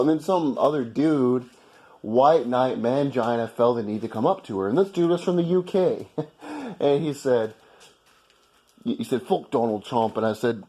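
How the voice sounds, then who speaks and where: A man's voice: mid-range voice, animated, a little slow, mellow. A man from the United States telling a story in a heated, profane rant to the camera. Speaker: vlogger. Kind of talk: ranting monologue.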